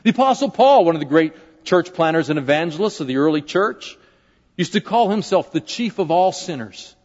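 A man's voice: fairly high pitch, expressive, a little fast. A man, a pastor, preaching a conversational sermon in a large church sanctuary, often asking the congregation questions. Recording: dull lo-fi recording with long hall reverb.

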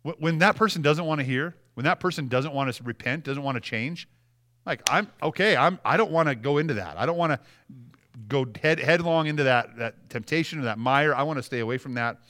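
A man's voice: fairly high pitch, fairly quick, bright, forceful tone. A man preaching a sermon with passion, often repeating words as he stresses a point. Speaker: pastor.

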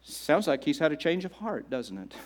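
A male pastor delivering a sermon, repeating phrases and slowing down for emphasis. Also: on the high side, big pitch swings. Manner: repetitive and dramatic, slowing down for emphasis.

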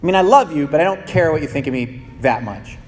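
A man preaching a sermon as pastor, his delivery swinging between soft, low pleading and raised, urgent peaks. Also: animated, fast talker. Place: church sanctuary. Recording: long reverb of a large hall.

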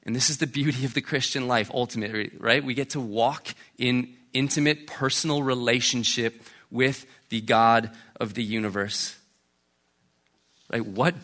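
Bright-voiced male pastor preaching. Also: medium pitch. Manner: conversational, keeps asking "right?". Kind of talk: sermon.

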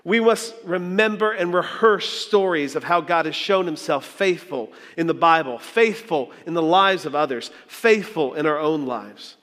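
A man's voice: a little high, measured pace, few pauses, fairly bright tone. Earnest male preacher in a reverberant church. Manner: earnest, reflective storytelling with small restarts. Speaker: pastor. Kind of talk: sermon. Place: church sanctuary. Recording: long hall reverb.

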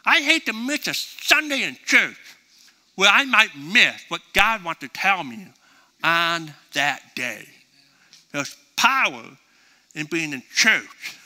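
A middle-aged male pastor preaching a conversational sermon, acting out little dialogues as he goes. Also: fairly high pitch. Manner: conversational, animated, acts out both sides of dialogues.

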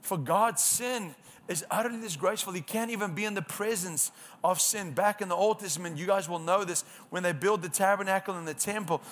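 High-voiced emphatic preacher man. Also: a little fast, fairly bright tone. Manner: earnest, emphatic, with rhetorical questions to the congregation; repeats words in restarts. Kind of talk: sermon.

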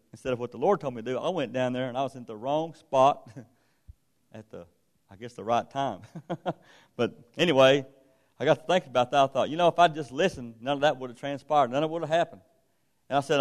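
Middle-aged male preacher, folksy storyteller, conversational sermon. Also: medium pitch. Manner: folksy, conversational, retells dialogue.

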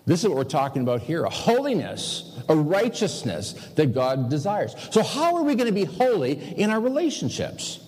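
A man's voice: on the high side, wildly swooping pitch, normal speed, few pauses, a little mellow, slightly rough, big-room sound. A male pastor preaching a practical sermon in a conversational way, asking the congregation rhetorical questions. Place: church sanctuary.

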